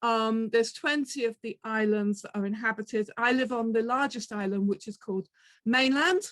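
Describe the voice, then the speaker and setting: A middle-aged woman from the south of England, speaking with a Portsmouth accent, gives a chatty, self-deprecating conference talk full of ums. Her voice is a little high, at normal speed, in a dry recording.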